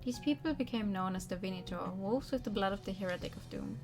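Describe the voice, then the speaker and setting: A woman streamer reads a game's story aloud with theatrical emphasis. Her voice sits at an ordinary middle pitch, and she breaks off now and then for casual remarks. Faint music plays behind her. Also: quick pace. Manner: dramatic read-aloud with chatty asides. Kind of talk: reading game text aloud on stream. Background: faint background music.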